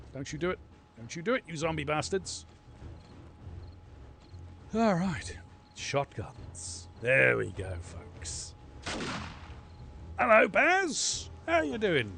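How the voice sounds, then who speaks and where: Male streamer, gravelly, lively pitch, sweary running commentary, noisy game audio behind. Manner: excitable, swears often, chats to viewers while playing. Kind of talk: live gameplay commentary.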